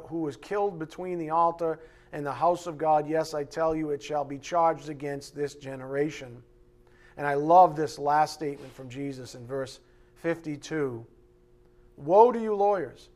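High-voiced, fiery male preacher. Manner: animated, mocking voices of his opponents, shouts for emphasis. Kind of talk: expository sermon.

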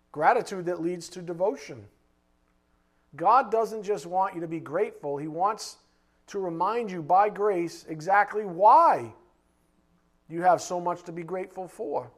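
A male preacher with a fairly high voice delivers a sermon. He fires blunt rhetorical questions at the room and swings between loud emphasis and quiet asides.

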